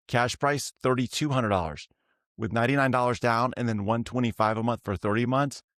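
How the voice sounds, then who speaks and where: A man's voice: mid-range voice, a bit bright, no echo, clean studio sound. A middle-aged man hosting a land sales show, reading prices and property numbers with chatty, joking asides. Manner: chatty, jokey storytelling between listings. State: tired. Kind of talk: casual sales pitch.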